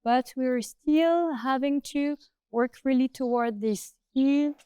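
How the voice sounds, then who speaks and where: A woman with a French accent speaks in relaxed, conversational English, slowing down to search for her words. Her voice sits fairly high but has a mellow, smooth tone. The sound is close and dry. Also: no echo. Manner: thoughtful, searching for words with many "uh" pauses. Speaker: horse trainer. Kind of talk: casual conversation.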